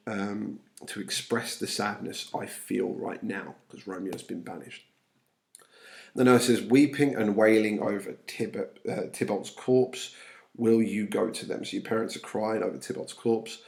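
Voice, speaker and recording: A man's voice: lowish voice, gravelly, darkish tone. A man teaching a class, reading quoted verse aloud and then paraphrasing it in plain words. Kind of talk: explaining a play line by line.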